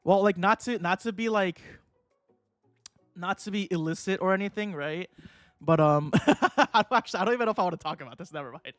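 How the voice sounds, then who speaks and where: A young adult man streams a game in casual, excitable commentary, swearing and laughing often. His voice sits high. The sound is dry and close, with faint music in the background. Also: fairly quick, dry recording.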